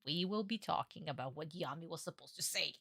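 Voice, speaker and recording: A woman in a casual livestream reaction, rambling and excitable, with a frequent swear thrown in. Her voice sits a little low but rings bright and forceful, recorded close and dry with no room sound. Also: fairly quick, vocal fry, slightly rough, dry recording. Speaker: streamer reacting to a cartoon.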